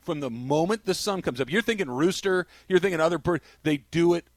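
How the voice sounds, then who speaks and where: A man in his forties from the Los Angeles area, co-hosting a casual sports talk show and telling animated stories. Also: on the high side, fairly quick, no echo. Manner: animated storyteller, does loud bird-call impressions. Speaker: sports radio co-host.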